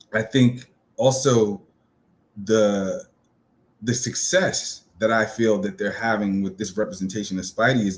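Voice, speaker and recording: A man talks through his thoughts in a relaxed, rambling way, leaning on plenty of ums and uhs. His voice sits on the low side. It sounds like an unscripted solo video chat. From New York City. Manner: loose and rambling, many fillers. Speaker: pop-culture vlogger. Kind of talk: casual solo video talk.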